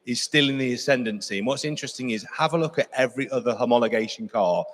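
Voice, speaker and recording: A man's voice: medium pitch, slight background noise. A man giving enthusiastic expert commentary on classic cars at an auction. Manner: fast, enthusiastic, opinionated. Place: auction hall. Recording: echoey auction hall.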